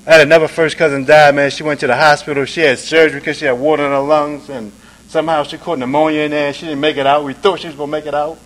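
A man giving a personal recovery testimony at a meeting, talking casually and tagging lines with "man" and "right?", now soft and low, now loud and emphatic. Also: flat delivery, fast, rough recording. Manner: conversational, peppers talk with "man", "right?" and "you dig?"; swings between soft, low passages and louder, emphatic ones. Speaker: speaker sharing at a recovery meeting.

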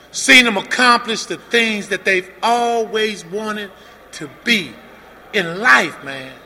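A man sharing his recovery story at a meeting, acting out both sides of the dialogue and rising to shouts. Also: high-pitched. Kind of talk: personal testimony at a meeting. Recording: long hall reverb with faint room noise.

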